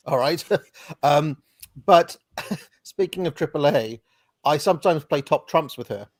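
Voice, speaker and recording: A man's voice: on the high side, a little slow, no room sound, clean studio sound. A Welsh man hosting a casual chat over a video call, telling stories with a giggle. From Wales. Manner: chatty, giggly, storytelling. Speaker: podcast host. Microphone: remote video call.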